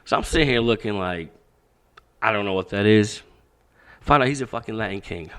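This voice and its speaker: Animated man telling a story, swearing freely. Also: lowish voice, brisk, smooth. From Pakistan. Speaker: podcast guest, boxing coach. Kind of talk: casual storytelling.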